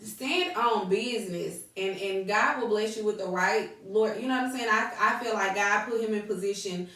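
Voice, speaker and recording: A middle-aged woman co-hosting a casual podcast with her husband, talking in an animated way and laughing often. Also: mid-range voice, moderate pace. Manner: animated, laughing, quotes people in put-on voices. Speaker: podcast co-host. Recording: echoey room, mic at a distance.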